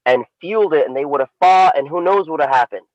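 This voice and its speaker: A man co-hosting a podcast, telling a story in a casual, animated way. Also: fast talker, no room sound, muffled recording. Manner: animated storyteller, swings pitch for emphasis. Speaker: podcast co-host.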